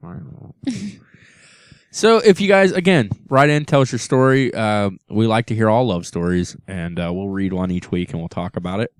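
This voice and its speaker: A man with a low, smooth voice co-hosts a casual podcast and jokes easily, laughing often. He sounds close and dry, with no room around him. His chat stays loose and unpolished. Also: expressive, normal speed, no room sound. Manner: chuckles often, loose and joking. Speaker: podcast co-host.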